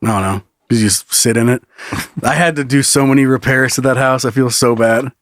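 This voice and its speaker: A man co-hosts a comedy podcast, speaking a little fast in a medium-pitched voice, recorded dry and clean in a studio. He tells stories in casual, profane chat with animation and laughs frequently.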